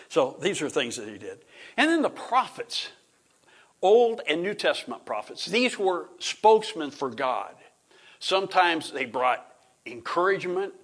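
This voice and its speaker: Rambling, throat-clearing male Bible teacher. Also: mid-range voice, normal speed, fairly bright tone. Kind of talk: informal classroom lecture.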